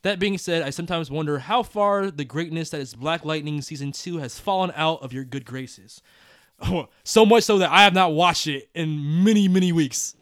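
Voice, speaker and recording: A man's voice: on the high side, moderate pace, fairly bright tone, dry recording. Man host reading emails, dry sound. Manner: reads aloud with joking asides, laughs often. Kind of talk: casual podcast chat.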